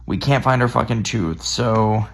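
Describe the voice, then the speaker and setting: A man's voice: lowish voice, measured pace, a little hiss or hum. A man in his thirties doing a profane, exasperated comic rant about parenting. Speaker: comedian.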